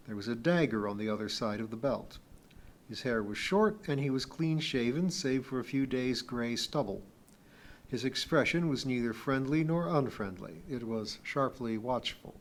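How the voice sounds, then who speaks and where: A man's voice: medium pitch, moderate pace. Man narrating an audiobook. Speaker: audiobook reader. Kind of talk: scripted narration.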